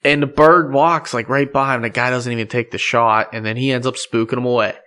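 A man's voice: medium pitch, steady tone, a little fast, sharp tone. A man, a podcast host chatting casually and laughing often. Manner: laughs often, friendly commentary. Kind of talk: casual chat.

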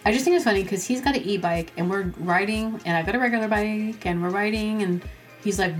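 A woman riffs alone on her podcast with a loose, rambling delivery. She laughs often and acts out quotes. Her voice sits in a mid-range pitch, and faint music runs under her. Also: lively intonation, fast. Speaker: podcast host. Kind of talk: casual solo monologue.

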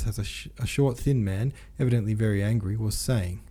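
A man narrates a classic novel as an audiobook, reading steadily and plainly. His voice sits low with a dark, mellow timbre. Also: brisk, breathy edge.

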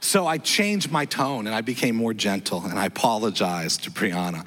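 A man pastor preaching a sermon in a church, telling a story with lively, self-deprecating delivery and acting out the dialogue. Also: high voice, a little fast, in a large hall. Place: church sanctuary.

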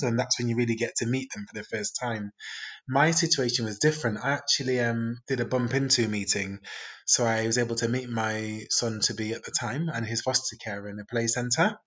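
Husky-voiced man chatting. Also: medium pitch. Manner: chatty, warm storytelling with many fillers. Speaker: interview guest, single adoptive dad. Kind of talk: candid conversational interview.

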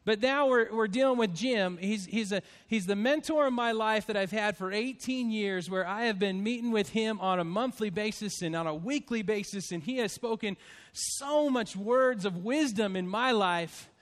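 A man in his fifties, a pastor addressing his church congregation in a heartfelt, halting way, choked up with emotion. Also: sits high.

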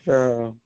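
A man's voice: medium pitch, vocal fry, mellow, lo-fi sound. A man from Greece, a guest on a radio talk show, chatting at length and laughing often. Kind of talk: casual radio chat.

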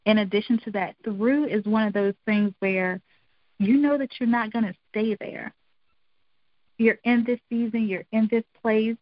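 A woman's voice: medium pitch, no room sound, lo-fi sound. A middle-aged woman giving an earnest, encouraging devotional talk, repeating phrases for emphasis. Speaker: devotional speaker.

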